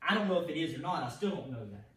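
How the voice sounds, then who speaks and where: Heard from afar in an echoing sanctuary, a pastor delivers an evening sermon very fast and with animation. His high-leaning voice is fairly bright, and his emphatic style features repeated words and restarted phrases.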